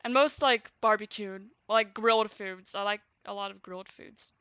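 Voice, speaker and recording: Woman streamer, lively reader with chatty asides, bright crisp voice, dry and a little lo-fi. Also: medium pitch, normal speed, no echo. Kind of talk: reading a childhood journal aloud on a livestream. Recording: dull lo-fi stream audio.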